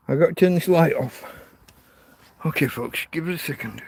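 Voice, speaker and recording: A man's voice: a little high, normal speed, creaky, pauses often, darkish tone, breathy edge, dry recording. A man, hosting a casual livestream from a tent in a field, talking to his dog in an exasperated, sweary way. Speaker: livestream host. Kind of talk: casual night-time livestream chat.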